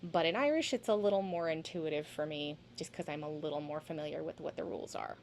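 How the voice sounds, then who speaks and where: A woman's voice: sits low, lively intonation, quick pace, a little mellow, slight background noise. A woman teaching a singing class over a video call, patiently sounding out each syllable for her students. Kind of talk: online class instruction.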